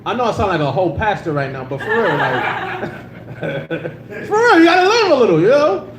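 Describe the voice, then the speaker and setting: On a club stage before a live crowd, a man with a high voice delivers crude, easygoing stand-up at normal speed but with plenty of animation. He grips a handheld mic and uses filler a lot. The recording sounds roomy, with faint noise underneath.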